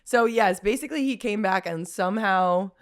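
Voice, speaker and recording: A woman, hosting a podcast and telling a story in casual chat, acting out quotes with big jumps in her voice. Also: moderate pace. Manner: animated, acts out quotes with big pitch jumps, laughs often. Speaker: podcast host.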